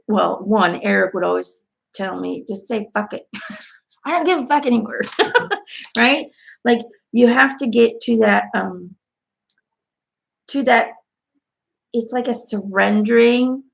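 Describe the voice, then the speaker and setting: A woman's voice: mid-range voice, creaky. Woman doing live angel card readings, casual and blunt, swears a lot, laughs often.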